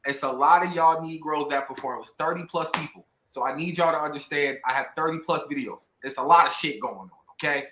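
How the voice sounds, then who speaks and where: Male stream host, loose and profane, bright voice a touch high, roomy echo. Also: brisk, hardly any pauses, slight background noise. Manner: loose, profane, laughing with friends. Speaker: livestream host. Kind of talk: casual livestream chat.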